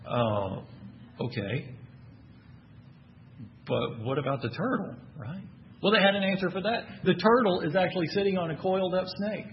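A man's voice: sits high, moderate pace, long pauses, muffled recording, slight background noise. A man with a Texan accent preaching a sermon, who keeps asking the congregation questions and answers them with emphatic bursts. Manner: asks the audience questions, animated and emphatic.

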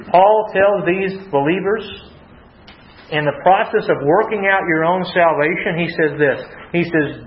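A man preaching a sermon, stumbling and repeating words as he talks, and slowing down to read scripture. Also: high-pitched. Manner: halting, repeats words, reads scripture slowly. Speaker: pastor. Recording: roomy, dull lo-fi sound.

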